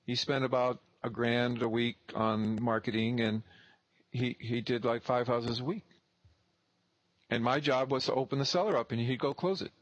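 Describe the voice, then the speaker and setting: A man's voice: medium pitch, fairly even intonation, moderate pace, no echo. A man in his thirties, a real estate investor telling a blunt, profane story and acting out both sides of the dialogue. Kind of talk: casual storytelling.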